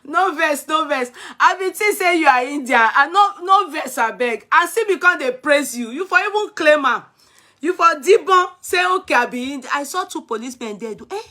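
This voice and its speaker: A woman's voice: sits high, lively intonation, moderate pace, pushed and bright. A Nigerian woman vlogger chatting live with her viewers, exclamatory and switching between Pidgin and Yoruba. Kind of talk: live-stream chat with viewers.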